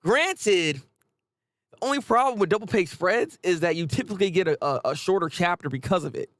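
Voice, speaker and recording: A man with a high, lively voice chats through a live reaction, jumping up and down in pitch as he talks. He stammers and restarts often, and the sound is dry and close. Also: a little fast, no room sound. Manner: chatty, animated, stammering restarts. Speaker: manga reaction host.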